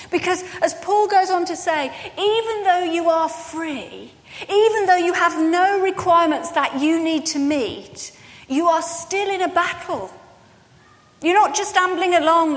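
A woman preacher giving a sermon, telling stories in a lively way and acting out the dialogue. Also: sits high. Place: church. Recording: long church reverb.

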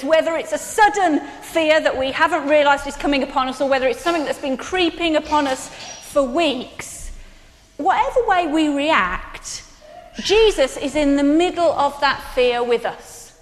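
A woman preacher giving a sermon in animated storytelling, turning soft and earnest at key points. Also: high-pitched, in a large hall.

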